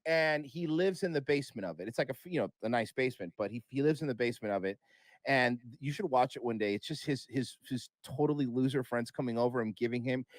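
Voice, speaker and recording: A man's voice: mid-range voice, fast talker, no room sound. A man talking as a podcast guest in casual chat, blunt and profane, rambling with restarts.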